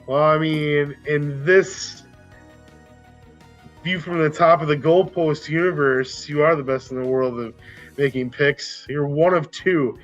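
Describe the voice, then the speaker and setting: A man's voice: fairly high pitch, steady tone, a little slow, faint music behind. A man hosts a casual football podcast in a slightly raised voice. He rambles, corrects himself mid-sentence, and the recording sounds a little dull. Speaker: podcast host. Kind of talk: casual chat.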